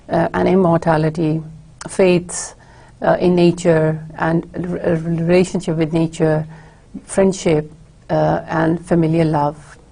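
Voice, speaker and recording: A woman delivers a recorded university literature lecture in a low voice with a gravelly, slightly husky texture and a dark, mellow tone. Her delivery is measured and explanatory, broken up by frequent filler words. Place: recording for an online course.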